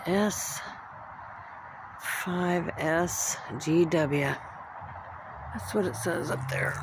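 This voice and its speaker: A woman from Central California vlogging on a handheld phone outdoors at a train station after dark, musing aloud as she describes what she sees. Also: lowish voice, extremely slow, background noise. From Central California, United States. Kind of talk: casual walking vlog, narrating what she sees.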